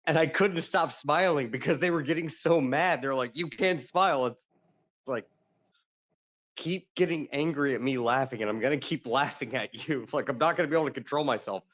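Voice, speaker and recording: A man's voice: mid-range voice, a little fast, a bit bright. A man in casual chat, ranting in an exasperated way with lots of swearing and laughter.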